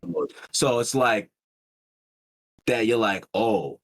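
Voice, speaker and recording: A man co-hosting a casual podcast chat, talking in halting restarts and loose slang. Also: lowish voice. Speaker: podcast co-host.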